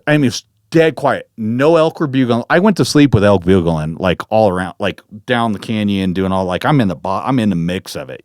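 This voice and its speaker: A man's voice: deep voice, no room sound, studio quality. A man from Northern California, a podcast guest, telling a story in casual conversation with lots of swearing and restarts. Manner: animated, profane, full of restarts.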